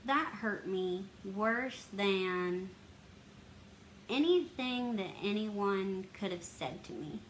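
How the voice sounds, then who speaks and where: Earnest woman vlogger, confessional storytelling, mid-pitched voice, faint background noise. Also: lively intonation, takes it slowly, poor audio. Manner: earnest, emotional, open. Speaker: health advocacy vlogger.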